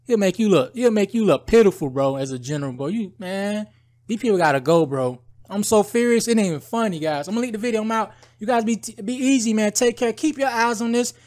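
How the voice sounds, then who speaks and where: A man's voice: high-pitched, quick pace, darkish tone. A man giving casual, heated political commentary in a rambling vlog, calling his viewers "bro" and "guys" often. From United States.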